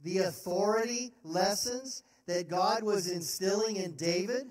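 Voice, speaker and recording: A man's voice: high-pitched, a little slow, darkish tone. A man preaching a sermon as pastor, earnest and emphatic, posing rhetorical questions in a church sanctuary. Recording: roomy sound from a distant mic.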